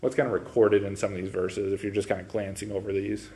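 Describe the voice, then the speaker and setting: Guy teaching a bible class, super conversational, lots of like and right?, voice jumps up when he asks questions. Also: fast talker. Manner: reads scripture aloud, then explains it; animated, pitch jumping up on questions. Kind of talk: casual classroom lecture.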